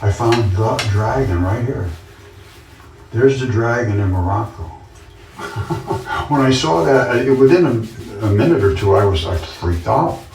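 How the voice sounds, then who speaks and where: A man's voice: mid-range voice, expressive, measured pace, pauses often, background noise. A man talking in a casual monologue, earnest and insistent, often repeating himself as he tells his story. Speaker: vlogger. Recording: roomy, distant from the mic.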